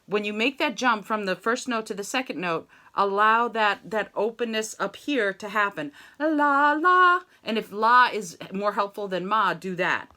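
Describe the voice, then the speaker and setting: A woman with a mezzo voice teaches an online singing lesson, chatty and encouraging. Her tone is bright and ringing, at an ordinary middle pitch. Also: normal speed, few pauses. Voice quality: mezzo-soprano voice. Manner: chatty and encouraging, sings short demo phrases.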